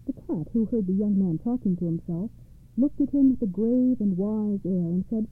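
A woman reading fairy tales aloud in a steady, rhythmic storytelling manner. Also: mid-range voice, normal speed. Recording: tinny phone-like audio.

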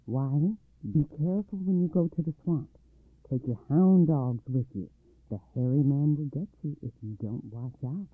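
A man voicing a wise, protective mother giving steady instructions. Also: fairly high pitch, normal speed, breathy edge, no room sound. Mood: warning. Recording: dry tinny phone-like line.

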